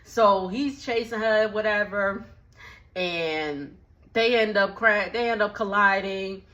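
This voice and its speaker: Chatty woman with a bright voice. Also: mid-range voice, slow, dull audio. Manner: chatty, slangy, animated retelling with asides. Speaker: movie recap vlogger. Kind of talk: casual movie recap.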